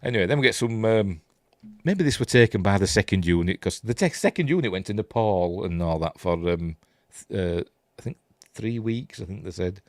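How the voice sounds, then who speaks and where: A man's voice: on the low side, lively intonation, brisk, no room sound, clean studio sound. A man with a Yorkshire accent hosting a casual film commentary, chatty and rambling, full of fillers and unsure asides. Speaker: host.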